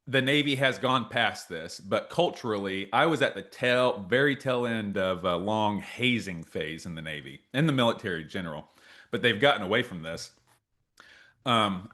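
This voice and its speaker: A man in his thirties co-hosting a podcast, telling stories in casual chat and acting out the quotes loudly. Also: lowish voice. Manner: animated storyteller, acts out quotes loudly. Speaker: podcast co-host.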